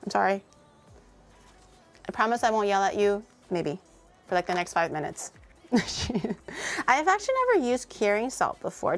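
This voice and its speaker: A young woman cooking on a livestream, chatting casually with her viewers, teasing them, swearing and laughing often. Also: medium pitch. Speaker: cooking streamer.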